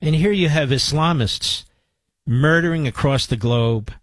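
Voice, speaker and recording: A man's voice: fairly high pitch, a little slow. A male talk radio host delivers commentary into a studio microphone, emphatic and building his points through repetition. The sound is dry and close, with no room echo.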